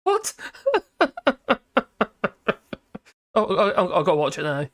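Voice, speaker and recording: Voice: medium pitch, fast talker. A live-stream host, chatting casually and reacting to viewer comments in a scattered, talkative way.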